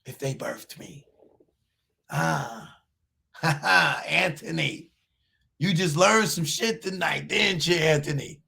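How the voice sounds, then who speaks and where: A man hosting a livestream, taunting a viewer in chat with drawn-out mocking questions and laughter. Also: on the high side, gravelly, sharp tone. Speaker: livestream host.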